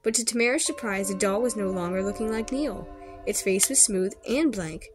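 A woman's voice: mid-range voice, moderate pace, over music. A woman reading a children's horror story aloud expressively, with small slips and rereads. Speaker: storybook reader.

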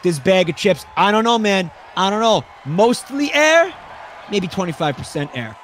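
A man doing excited play-by-play commentary on a wrestling match, rambling and swearing, bursting into yells. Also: sits high, a little fast, slight background noise.

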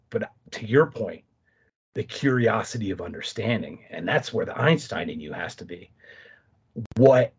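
A man telling stories as a podcast guest in casual conversation, animated, with quick asides and restarts. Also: lowish voice, breathy edge.

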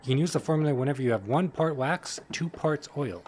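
A man reading the lines of a proud, blunt woman village leader aloud in a flat, lively voice. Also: fairly high pitch, fast, a little hiss or hum, natural voice. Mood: businesslike. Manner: reads game dialogue aloud flatly. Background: game music.

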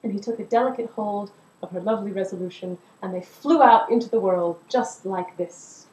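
Expressive woman storyteller, roomy echo. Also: medium pitch, moderate pace, over music. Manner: expressive, animated narration. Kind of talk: storytelling performance.

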